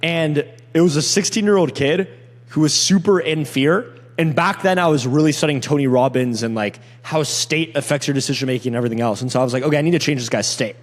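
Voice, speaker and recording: A young man in casual chat about sales closing, talking quickly and acting out sales call lines. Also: fairly high pitch, long reverb tail. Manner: fast, animated, acts out sales call lines. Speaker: sales closer.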